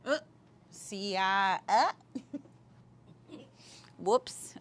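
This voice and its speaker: A woman teaching a language class, speaking patiently and repeating words slowly for learners, with easy laughs. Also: medium pitch. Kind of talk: online language lesson.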